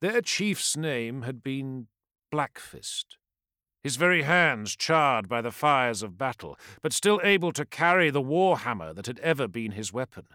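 A man giving a scripted, theatrical narration of a dark fantasy audiobook, building in intensity. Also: medium pitch, very animated, measured pace, no echo, clean studio sound.

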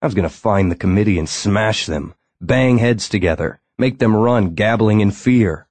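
A man reading first-person fiction as an audiobook narrator, steady and brooding. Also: on the low side, moderate pace, no room sound.

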